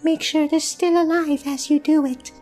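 A woman's voice: sits high, fairly even intonation, moderate pace, mellow, faint music behind, close to an everyday voice. A woman voicing a tiny cartoon creature that talks sweetly, then turns menacing, over gameplay. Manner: sing-song, turns menacing. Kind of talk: game commentary role-play.

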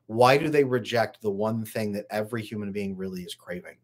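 A man's voice: lowish voice, fairly quick. A man coaching on relationships in a live stream, talking casually and greeting viewers from the chat by name.

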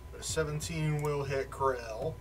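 A man's voice: a little high, steady tone, measured pace, faint music behind. A man narrating as game master in a tabletop game, calling rolls and outcomes matter-of-factly with the odd chuckle. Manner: matter-of-fact rules calls, chuckling.

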